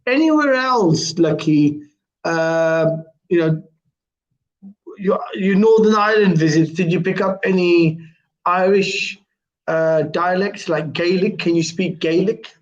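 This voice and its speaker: A man's voice: high voice, slow. A man hosting a live stream chat, talking in a rambling way with many fillers. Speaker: host. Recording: dull lo-fi live stream audio.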